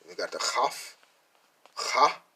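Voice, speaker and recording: A man teaching from scripture, speaking, who punches key words loudly and asks and answers his own questions. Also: lowish voice, expressive, normal speed, slightly rough. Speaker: Bible teacher.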